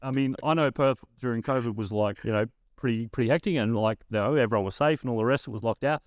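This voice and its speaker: A man in his thirties with an Australian accent talks fast at a medium pitch, guesting on a podcast and casually telling a long story. He's a former pro basketballer with a relaxed manner, frequent swearing and a steady stream of fillers like "like." The clean studio sound has no echo.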